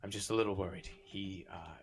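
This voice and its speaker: A man voicing a gentle older woman who keeps a chapel, speaking softly and hesitantly. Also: low-pitched, fairly even intonation, brisk, a little hiss or hum, natural voice. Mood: worried. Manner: soft-spoken, hesitant, worried. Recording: background music.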